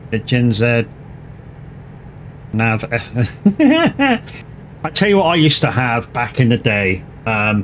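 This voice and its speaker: A man's voice: mid-range voice, a little hiss or hum. Jokey, swearing man in his 40s. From Plymouth, England. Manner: joking and profane, laughs often. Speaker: live streamer. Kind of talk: casual chat while playing a truck driving game.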